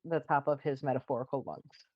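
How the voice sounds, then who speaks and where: Woman, game master, low voice, relaxed and chatty, dull lo-fi sound. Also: brisk, no echo. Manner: relaxed, chatty, laughs easily. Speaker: dungeon master. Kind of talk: casual game master narration.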